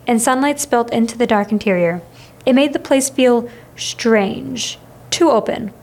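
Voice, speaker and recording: A woman reading a children's novel aloud in a steady, expressive way. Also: fairly high pitch. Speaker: reader. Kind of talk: storybook read-aloud.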